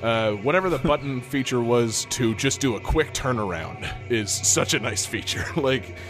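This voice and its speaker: A man's voice: mid-range voice, lively intonation, moderate pace. Male co-host, loose rambly game talk, full of fillers and laughs, faint music underneath. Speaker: podcast co-host. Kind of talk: casual chat about video games.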